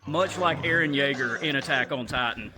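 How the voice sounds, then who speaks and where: A young man from Alabama telling a stand-up comedy story into a handheld stage microphone, animated and casually profane. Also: mid-range voice, moderate pace, crowd noise. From Alabama, USA.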